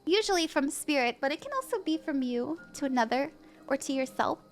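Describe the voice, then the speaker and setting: A young woman reading tarot on a live stream, gentle and reassuring, laughing easily. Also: sits high, expressive, fairly quick. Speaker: tarot reader.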